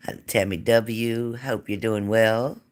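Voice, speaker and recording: A woman's voice: rumbling low, fairly even intonation, slow, a little mellow. A woman hosting a live psychic reading stream, chatting casually and greeting viewers by name.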